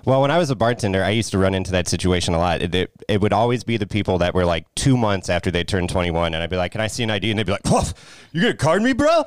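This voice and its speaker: A man co-hosting a casual podcast, telling relaxed stories with easy swearing. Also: deep voice, very fast, few pauses, smooth, dry recording, studio quality. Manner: laid-back, profane, laughs easily. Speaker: podcast co-host. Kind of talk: casual chat.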